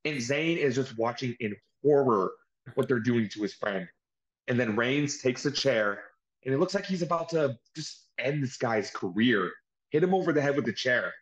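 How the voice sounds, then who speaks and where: Male podcast host, mid-pitch, animated recap delivery. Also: normal speed, rough recording. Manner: animated play-by-play retelling with acted-out quotes. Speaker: podcast host reviewing wrestling. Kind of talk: casual recap chat.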